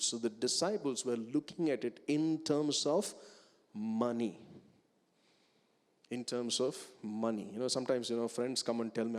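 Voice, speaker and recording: A man with an Indian English accent preaching a sermon as a pastor, telling stories and rising to loud, emphatic peaks. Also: mid-range voice, fairly even intonation, normal speed. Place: large church hall. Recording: reverberant church hall.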